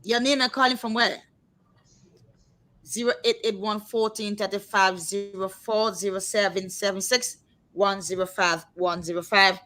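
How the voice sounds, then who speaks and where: A radio host taking listener calls, briskly prompting each caller for a name and location. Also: medium pitch, pushed and bright, rough recording. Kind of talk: call-in show hosting. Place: radio studio.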